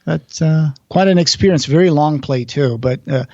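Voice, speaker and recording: A man with a somewhat high voice recaps a play's story in casual podcast chat. He acts out the characters' lines and stumbles over restarts. The sound is dull and dry, like a home mic with little room. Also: moderate pace, no echo. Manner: animated retelling, acting out quoted lines, many fillers and restarts. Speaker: podcast co-host.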